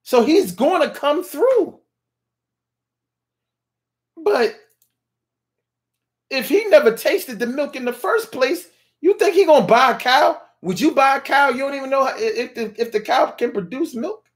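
Man, comedic monologue, slangy and rambling, unhurried delivery, mock cow moos. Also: extremely high pitch, expressive. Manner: imitates cow mooing.

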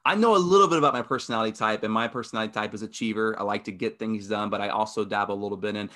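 A man's voice: fairly low pitch, racing, pushed and bright. A man hosting a faith interview podcast, earnest and rambling, often restarting his sentences. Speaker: podcast host.

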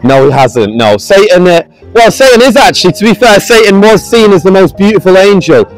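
Outdoors on a busy street, a man preaches to passers-by in an earnest, pleading way, raising his voice to the street at times. His high, sing-song voice moves briskly, and the rough recording carries soft background music.

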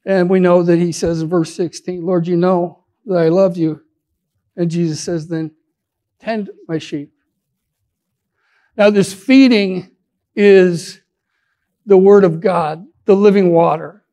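Earnest high-voiced male pastor preaching. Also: steady tone, dark tone. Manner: earnest, repeats words and restarts, stretches key phrases slowly. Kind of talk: sermon.

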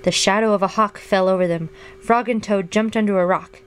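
A woman's voice: medium pitch, steady tone, a little fast, a little hiss or hum. Woman reading a children's book aloud. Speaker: reader and video host. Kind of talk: reading a children's storybook aloud, then casual chat.

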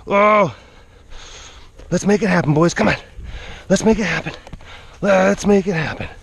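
Man, out of breath, gravelly voice, slow lively delivery, coaxing chatter, outdoors on a phone camera. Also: sits high. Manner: coaxing, chattering to animals between remarks. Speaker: vlogger working with big cats. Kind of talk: casual running commentary.

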